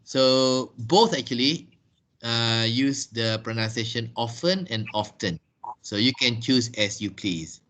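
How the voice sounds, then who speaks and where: Bright-voiced man teaching English. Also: mid-range voice, measured pace. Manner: patient, explanatory, frequent "yeah?" check-ins. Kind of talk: online English lesson.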